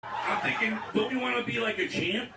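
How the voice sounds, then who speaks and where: A man's voice: fairly even intonation, fairly quick, vocal fry. A man on a call, telling a comic story while laughing through it. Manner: laughing through his own story, bursts into a high put-on line. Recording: distant echoey call with loud noise.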